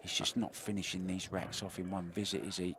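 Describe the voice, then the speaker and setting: Brief: male pool commentator, low-pitched, dry wit, faint hum of the hall behind. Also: level tone, fairly quick. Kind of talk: live sports commentary.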